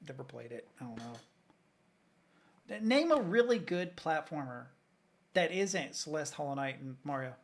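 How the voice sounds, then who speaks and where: A man's voice: on the high side, big pitch swings, normal speed, long pauses. Man from the southern us, streamer, profane, rambling reaction commentary. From Southern United States. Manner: profane, ranting, casual.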